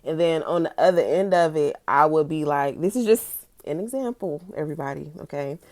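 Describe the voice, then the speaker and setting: Woman, young adult, reflective vlog, candid and emphatic, fairly low pitch. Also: a little fast. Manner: candid, emphatic, swinging from musing to excited outbursts. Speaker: vlogger. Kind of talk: reflective personal vlog, reading from her notes.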